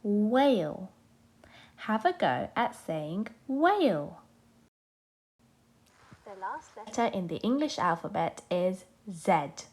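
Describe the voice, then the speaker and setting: A woman teaching a children's phonics lesson, sounding out letters and animal names slowly and clearly for young learners. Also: mid-range voice, big pitch swings, darkish tone.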